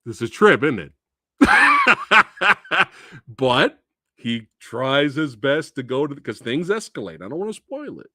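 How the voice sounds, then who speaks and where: A man hosting a live stream, talking about a film in an animated, profane way with frequent laughs. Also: mid-range voice, moderate pace, no echo, studio quality. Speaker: movie reviewer and host. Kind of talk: casual live-stream movie talk.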